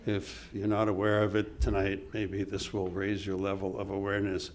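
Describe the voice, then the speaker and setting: A man's voice: low voice, completely flat delivery. Older man giving an earnest keynote talk. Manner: earnest, conversational, acts out quoted dialogue with dropped voice and pauses. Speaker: keynote speaker. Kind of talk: motivational keynote storytelling. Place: conference hall stage.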